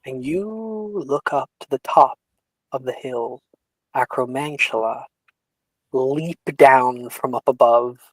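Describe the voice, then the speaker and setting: A man narrates a tabletop game as game master, in a slow, dramatic manner that drops to a hush for tension. The recording is dry and close, with no room sound. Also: medium pitch, dry recording, rough recording.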